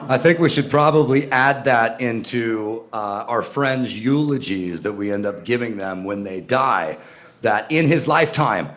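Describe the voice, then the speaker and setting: A man co-hosting a live podcast, making measured, wry remarks in casual chat. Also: medium pitch, expressive, a bit bright. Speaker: podcast co-host.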